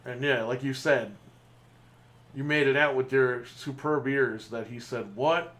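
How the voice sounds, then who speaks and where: A man's voice: medium pitch, a little slow, fairly bright tone. A man co-hosting a gaming podcast, telling stories in casual chat while playing, swearing freely. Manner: swearing, storytelling with laughs. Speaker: podcast co-host.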